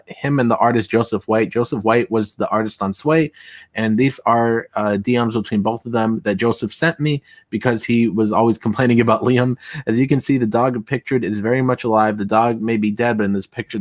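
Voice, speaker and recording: A man's voice: on the low side, no echo. A man hosting a casual online show, rambling and laughing as he reads messages aloud. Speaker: show host. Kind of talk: casual commentary, reading screenshots aloud.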